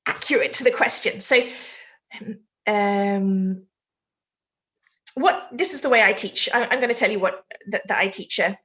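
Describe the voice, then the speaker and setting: A woman's voice: medium pitch, measured pace, pauses often, fairly bright tone. A British woman teaching a live online lesson, giving essay feedback in a chatty way and reacting to viewers' messages. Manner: chatty, laughs easily, reads chat aloud mid-sentence. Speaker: IELTS teacher.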